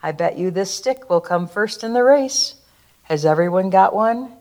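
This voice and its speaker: A woman putting on a high, excited little girl. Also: normal speed, close to an everyday voice. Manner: high, bright, eager. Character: excited young girl at a stick race.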